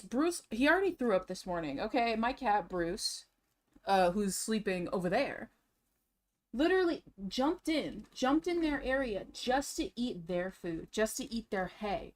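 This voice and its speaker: A young woman streamer chatting casually in a rambling way, restarting her sentences often and swinging between tired and excited. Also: mid-range voice. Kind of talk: casual chat.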